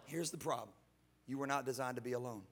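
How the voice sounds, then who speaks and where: A male guest pastor preaching a sermon in church, animated and joking, with casual slang. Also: medium pitch, fast talker. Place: church sanctuary.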